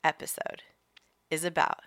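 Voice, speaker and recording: Bright-voiced woman podcast co-host, swearing. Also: normal speed, no echo, clean studio sound. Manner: swears freely, laughs, reads history notes aloud. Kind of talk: casual podcast chat.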